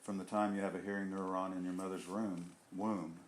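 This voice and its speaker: A man in a casual group discussion, speaking earnestly and haltingly, often restarting and searching for words. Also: deep voice, little pitch movement, a little hiss or hum. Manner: earnest and heartfelt. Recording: echoey room.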